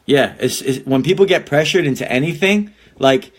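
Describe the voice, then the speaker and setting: Profane ranting man, fairly high voice. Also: animated, normal speed. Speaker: podcast host. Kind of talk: casual podcast rant.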